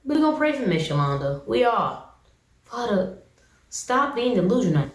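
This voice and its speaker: Woman, sassy reality-show review vlog, lively pitch, slightly high voice, echoey room. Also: normal speed, slight background noise. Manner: sassy, animated, exclamatory. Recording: roomy echo.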